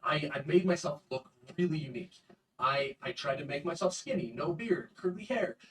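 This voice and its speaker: A man's voice: a little high, animated, normal speed, a bit bright, far from the mic, slight background noise, low-quality recording. A man speaking insistently to camera in a video clip that is played back during the interview. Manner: emphatic, insistent.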